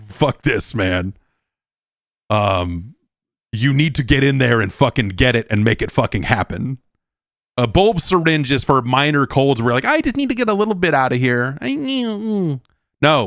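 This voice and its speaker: A man's voice: mid-range voice, no room sound, studio quality. A middle-aged man hosting a podcast, rambling casually and breaking into profane rants. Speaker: podcast host. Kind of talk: casual monologue.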